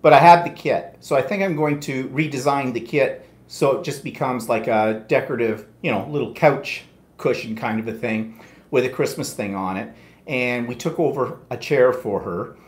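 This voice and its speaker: A man talks casually and at length on a live stream, wandering from one aside to the next as he tells a story. His voice sits at an ordinary pitch, and the room around him rings noticeably. It sounds like a home mic. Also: moderate pace, roomy sound. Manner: chatty, rambling storyteller with many asides. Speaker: co-host of a live quilting show.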